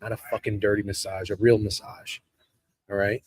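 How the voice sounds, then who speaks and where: A man's voice: on the low side, flat delivery, normal speed, husky, dry recording. A man in his thirties, hosting a live stream in casual chat, rambling and profane and answering chat as he goes. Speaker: streamer host. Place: hotel room.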